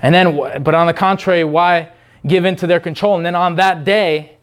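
A man preaching an unscripted sermon, fervent and repetitive, breaking into quick voices of the people he describes. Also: high voice, fairly even intonation, clean tone.

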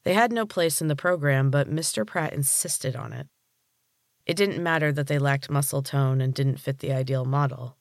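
A man narrating a story as a podcast reader with a steady storytelling read. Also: mid-range voice, moderate pace, creaky, no room sound, clean studio sound. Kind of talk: scripted audiobook narration.

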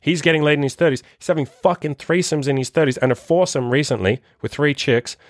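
A man's voice: on the high side, a little fast, no room sound, clean studio sound. A man in his thirties hosting a dating-coach podcast, giving a blunt, profane motivational rant. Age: 30s. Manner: profane, forceful, rambling.

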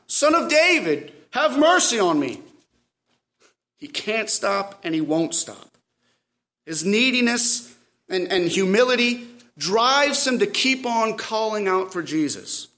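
A man delivers a sermon in a high, light voice. He preaches with drive, swelling to loud cries and then dropping to quiet, intimate asides. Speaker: pastor.

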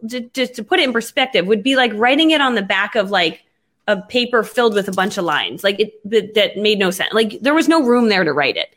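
A woman telling a business story in casual conversation, animated and quick to act out her own past lines. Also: medium pitch. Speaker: network marketing entrepreneur.

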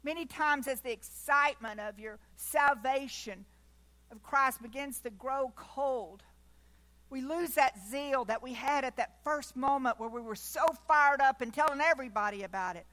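A woman preaches a sermon with a high, bright, forceful voice. She keeps the delivery folksy, breaking off into chatty asides and small jokes before returning to her point. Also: normal speed.

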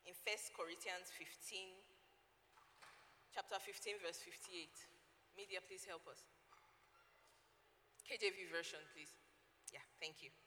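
Nigerian woman preacher, bright and forceful tone, long church reverb, faint noise; emphatic delivery. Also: lowish voice, steady tone, unhurried, long pauses. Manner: emphatic, repeats key points, engages the congregation. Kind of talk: sermon.

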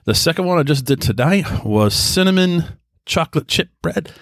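A man's voice: on the high side, expressive, moderate pace, no echo, clean studio sound. A man in his thirties hosting a solo casual podcast from home, rambling and self-deprecating with many restarts. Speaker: podcast host. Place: quiet home.

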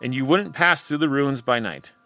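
A man's voice: mid-range voice, expressive, normal speed, sharp tone, soft background music. A man voicing a sly, cruel traveling stranger who speaks in a sneering, skeptical way.

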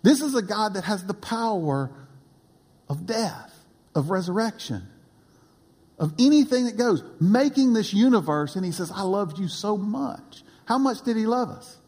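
Husky, animated man preaching a sermon. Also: normal speed, in a large hall. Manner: animated preaching with sudden drops to a low aside. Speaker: pastor. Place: church.

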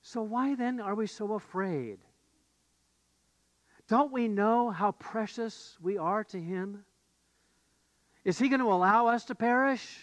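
A man's voice: very high-pitched, a bit bright, dry recording. A man preaching a sermon as pastor, telling stories and building to emphatic questions. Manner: storytelling, rising to emphatic questions.

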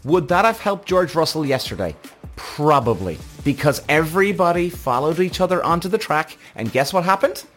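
A man's voice: a little high, very animated, moderate pace, a bit bright, soft background music. A man hosting a motorsport reaction vlog, ranting in a heated, profane, exasperated way. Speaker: F1 reaction show host.

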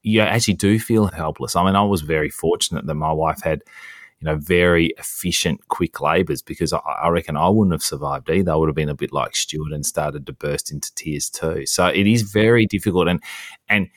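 A man hosting a podcast interview, who talks in a reflective, measured way. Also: rumbling low, no echo, studio quality. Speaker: podcast host. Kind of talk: conversational interview.

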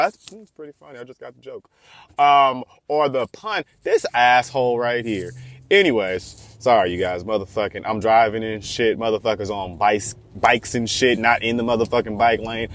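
A man's voice: mid-range voice, expressive, normal speed, a bit bright. A man in his twenties talking casually while driving, rambling and joking with constant profanity. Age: 20s. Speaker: vlogger. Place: in a car on city streets.

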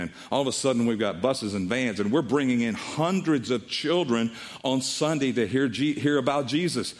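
A man's voice: mid-range voice, brisk. Middle-aged male pastor preaching a story. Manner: animated storytelling, acts out quoted voices. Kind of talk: sermon.

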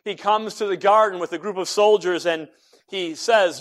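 A man preaching a sermon, retelling events dramatically and voicing each character, moving between loud emphasis and hushed lines. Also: high voice, lively intonation, moderate pace. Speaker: pastor.

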